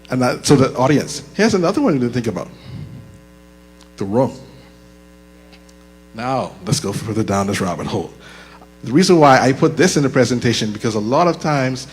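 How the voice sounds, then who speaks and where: A man teaching a leadership workshop into a handheld microphone, chatty and joking, slowing down to make his points. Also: mid-range voice, breathy edge. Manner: conversational and joking, slows down deliberately. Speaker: leadership course instructor. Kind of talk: live workshop talk. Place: church room with audible echo. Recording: reverberant hall with mains hum.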